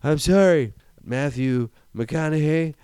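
A man voicing a bitter, selfish male astronaut who whines and swears, with a smooth voice. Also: a little high, takes it slowly, warm tone, dry recording, studio quality, pitched above the performer's own voice. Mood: whiny defiant. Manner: whiny, blunt, profane. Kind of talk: casual movie retelling.

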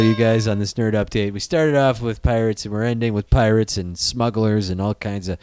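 Excitable, swearing man on a podcast. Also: normal speed, hardly any pauses, music in the background. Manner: excitable, profane, jokey, with sudden loud pitch jumps. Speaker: podcast co-host. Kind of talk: casual chat.

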